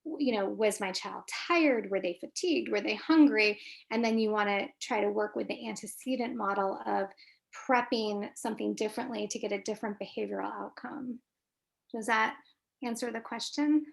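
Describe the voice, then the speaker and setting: Gravelly-voiced woman therapist giving advice. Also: medium pitch, normal speed. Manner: warm, coaching, asks if answers helped. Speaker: licensed marriage and family therapist, webinar guest. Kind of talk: advice in a live webinar Q&A.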